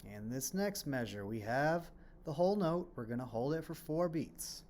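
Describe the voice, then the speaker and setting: A man's voice: medium pitch, animated, moderate pace, background noise. A man teaching a children's music lesson on rhythms, explaining patiently, asking questions and then answering them, and chanting rhythm syllables as he claps.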